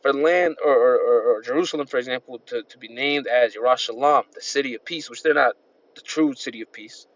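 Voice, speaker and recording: A man's voice: mid-range voice, a little fast. Male preacher, loose and repetitive delivery, scripture readings, dull home-recorded audio. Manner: rambling, repetitive, peppered with "man" and "all right". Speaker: street-style preacher. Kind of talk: informal sermon with scripture reading.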